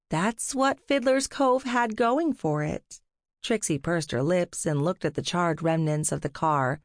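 A woman reads a fantasy audiobook aloud, measured and somber. Her voice sits fairly low, and the recording is dry and close with no room sound. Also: dry recording. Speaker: audiobook narrator. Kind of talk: scripted narration.

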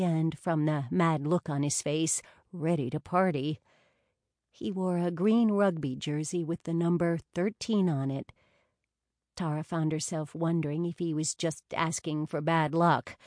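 A woman reading a story aloud in a measured, wry storytelling manner. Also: low voice, a little mellow, dry recording, clean studio sound. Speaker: audiobook narrator. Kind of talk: scripted narration.

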